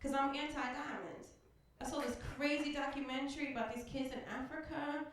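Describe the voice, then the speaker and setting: A woman doing a stand-up comedy set, brash and profane, acting out street characters in quick bits. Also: high-pitched, steady tone, very noisy. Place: comedy club stage. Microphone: handheld stage mic. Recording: far, roomy live club recording. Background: audience laughter.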